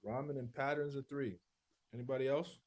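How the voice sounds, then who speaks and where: A man's voice: medium pitch, fairly even intonation, a little fast, a little mellow, slight background noise. A man teaching a rhythm class, repeating student answers back and scatting syllable patterns to demonstrate flows. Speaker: rap rhythm instructor. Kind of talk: casual class review.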